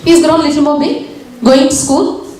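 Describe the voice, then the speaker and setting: A woman's voice: high voice, normal speed. A woman leading a spiritual workshop who teaches and keeps asking her audience questions. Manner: animated, questions the audience often. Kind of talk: interactive teaching session. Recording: echoey hall, far from mic.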